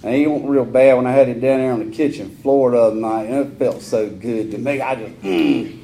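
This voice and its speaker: A man in his forties with a Southern US accent, speaking at a recovery meeting in a folksy, rambling way with rough humor. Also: medium pitch, steady tone, brisk, dark tone, a little hiss or hum. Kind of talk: personal recovery talk.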